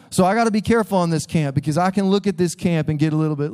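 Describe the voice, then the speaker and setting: A man delivers a sermon in church with a fairly high voice. He keeps it conversational, cracking jokes with the congregation and acting out the people he quotes. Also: very fast, darkish tone, clear, resonant tone. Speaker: pastor.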